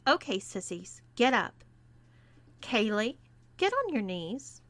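A woman voicing a cheerful, bossy young woman who gives eager orders, in a fairly high voice. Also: sing-song, slow pace, fairly bright tone, dry recording, heavily acted.

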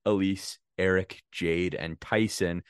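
A man's voice: sits low, fairly even intonation, takes it slowly, smooth, no echo, clean studio sound. A man co-hosting a casual podcast, joking around, laughing often and swearing freely. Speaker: podcast co-host.

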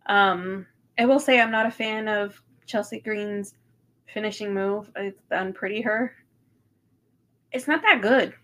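Casting: bright, crisp woman in her thirties, loose talk-show co-host, swears freely. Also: mid-range voice, measured pace. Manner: chatty, swears freely, many ums. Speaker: podcast co-host. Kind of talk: casual chat recap.

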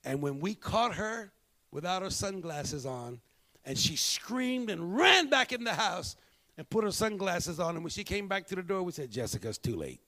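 Gravelly high-voiced male pastor preaching. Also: animated, moderate pace. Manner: storytelling preacher, swings between hushed and emphatic. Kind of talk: sermon.

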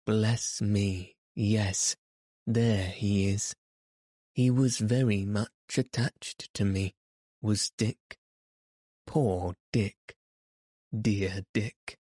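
A man's voice: fairly low pitch, steady tone, drawn-out words, pauses often, warm tone, no room sound, clean studio sound. A man voicing an old male miser in an audiobook reading, with wistful, marveling exclamations. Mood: wistful wonder.

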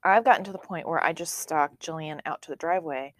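A woman's voice: low-pitched, quick pace, no room sound, studio quality. A woman in her forties co-hosting a podcast, easygoing and self-mocking in casual chat. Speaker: podcast co-host.

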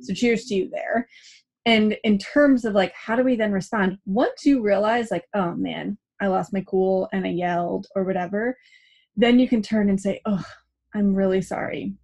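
A young adult woman with a medium-pitched, darkish voice hosts a parenting podcast at a normal speed. Her casual advice chat is chatty, full of "like" fillers, and she acts out quoted dialogue.

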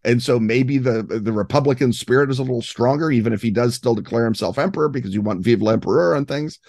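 A man talking as a guest on a gaming podcast, erudite and expansive, with a scattering of fillers. His mid-pitched voice is recorded close and dry. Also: quick pace, vocal fry, a little mellow, no room sound. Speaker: guest game designer. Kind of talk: podcast interview.

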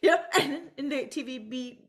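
A woman's voice: high voice, normal speed. A young woman co-hosting a podcast in casual chat, laughing often and talking with lots of fillers. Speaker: podcast co-host.

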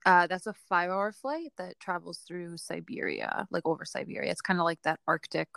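A woman's voice: lowish voice, normal speed, creaky, a bit bright, no echo. A woman co-hosting a podcast, telling an aviation story in a chatty, casual way with frequent laughs and fillers. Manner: chatty, laughs often, lots of fillers and hedges.

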